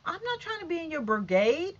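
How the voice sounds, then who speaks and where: Fifty-something lady ranting, high lively voice, swears a lot, muffled lo-fi sound. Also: fairly quick. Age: 50s. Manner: blunt, profane, animated and emphatic. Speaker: vlogger. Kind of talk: casual rant to camera.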